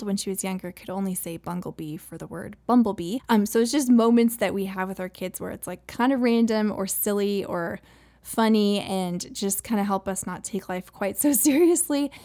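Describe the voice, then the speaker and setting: A woman hosting a parenting podcast in casual chat, encouraging and quick to laugh. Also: medium pitch. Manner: warm, encouraging, laughs often. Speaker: podcast host.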